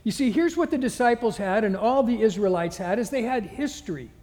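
A man's voice: high-pitched, expressive, a little fast, darkish tone. A man preaching a sermon, retelling scripture scenes in an earnest, storytelling way. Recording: long hall reverb.

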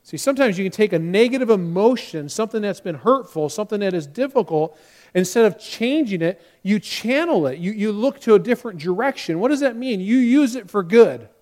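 A man, a pastor, preaching a sermon and acting out quoted voices with animated delivery. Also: high voice, brisk.

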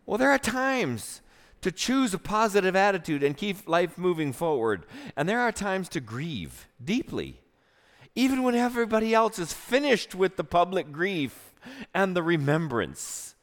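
A man preaching a sermon, telling stories earnestly, moving between loud and hushed delivery. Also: high-pitched, big pitch swings, measured pace. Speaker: pastor. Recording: long hall reverb.

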